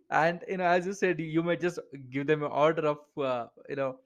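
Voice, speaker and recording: Speaking at a normal speed in a slightly high register, this podcast host has an Indian English accent. His casual interview style is chatty, sprinkled with "you know" fillers and laughter between points.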